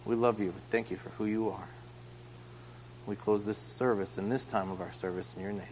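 A man's voice: lowish voice, steady tone, moderate pace. A man leading an earnest closing prayer in a church service. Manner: earnest, grows quieter toward the end. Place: church hall. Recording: echoey hall, faint hum.

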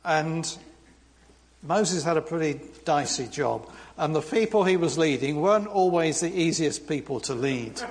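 A British man preaching a sermon in a church, reading scripture with lively, humorous asides. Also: on the high side, a little slow, long reverb tail. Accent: British English. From Britain.

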